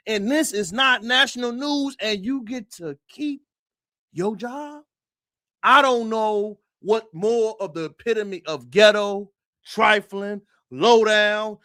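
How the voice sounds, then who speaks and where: High-voiced man ranting on a livestream. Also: no room sound, clean studio sound. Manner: emphatic, rhetorical questions, addresses viewers directly; punchy repeated phrases, occasional shouting. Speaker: livestream host. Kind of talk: opinionated commentary livestream.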